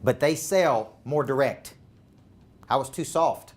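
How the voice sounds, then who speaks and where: A man's voice: medium pitch, slow pace. Southern male sales coach, emphatic talk with repeated words and rhetorical questions. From Tennessee.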